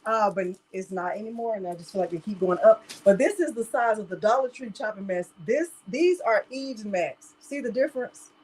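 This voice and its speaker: On a low-quality recording, a woman with a medium-pitched, breathy-edged voice speaks animatedly at a moderate pace with few pauses. She runs a live crafting tutorial, chatting casually, laughing often and talking to viewers as "y'all".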